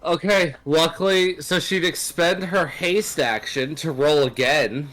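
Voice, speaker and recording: A man narrating a tabletop game as game master, animated and casual, laughing often. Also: a little high, unhurried, soft background music.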